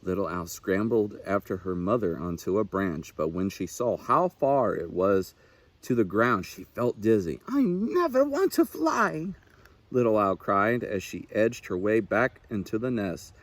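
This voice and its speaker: A man, a naturalist, reading a children's picture book aloud with expressive, unhurried storytelling. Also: lowish voice, no echo.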